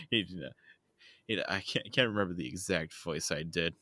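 Giggly male podcast co-host, bright tone, dry close mic. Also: deep voice, lively intonation, moderate pace, no echo. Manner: giggly, rambling with restarts. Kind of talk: casual podcast chat.

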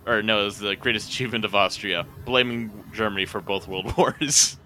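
A man's voice: lowish voice, steady tone, brisk, bright, forceful tone, slight background noise. A man co-hosting a casual podcast chat, joking and laughing often. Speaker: podcast co-host.

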